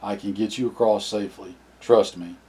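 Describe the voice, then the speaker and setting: A man reading the part of a calm, commanding male survivor in an audiobook, firm and direct, in a low, mellow voice. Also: normal speed, natural voice.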